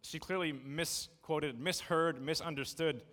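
A man in his thirties giving a casual, jokey sermon to a congregation, telling stories in a lively, conversational way. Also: fairly high pitch, unhurried. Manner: conversational, jokey, animated storytelling. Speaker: preacher. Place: church sanctuary. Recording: long reverb of a church hall.

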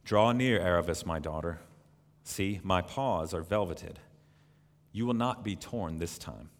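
A man voicing a great, deep-voiced lion who speaks gravely and gently. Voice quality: deep and slow, solemn. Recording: long reverb in a large hall.

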